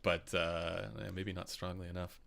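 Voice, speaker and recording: A man's voice: low voice, little pitch movement, normal speed, creaky, a bit bright. A young Canadian man with a Canadian accent hosting a casual live stream, chatty with lots of fillers and laughs. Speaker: podcast host.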